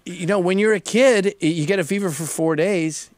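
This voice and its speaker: A man's voice: high voice, moderate pace, no echo. A middle-aged man hosting a podcast, telling stories in a blunt, profane, casual way. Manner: blunt, profane storytelling with mocking voices. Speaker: podcast host. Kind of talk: casual chat.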